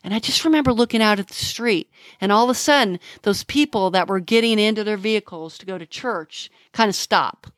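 A middle-aged woman, a homicide detective, telling the story of a case in an interview, halting and emotional, with many restarts. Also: mid-range voice, no room sound, clean studio sound.

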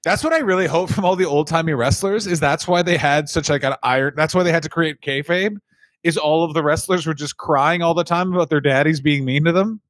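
A man's voice: a little high, fairly quick, no echo. A man co-hosting a comedy podcast, rambling through the history with jokes. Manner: rambling, jokey, slips into silly character voices. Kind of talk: comedic casual chat.

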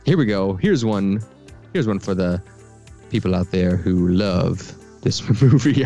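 A man's voice: low-pitched, animated, a little slow, dark tone, soft background music. A man co-hosting a podcast and running a quiz game, playful and teasing, on a remote call. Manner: playful, teasing, slips into silly voices. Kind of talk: casual chat, quiz hosting.

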